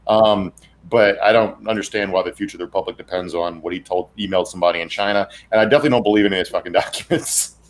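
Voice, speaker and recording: A man's voice: deep voice, racing. A man co-hosting a casual political comedy chat, rambling with laughs and profane asides. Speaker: co-host.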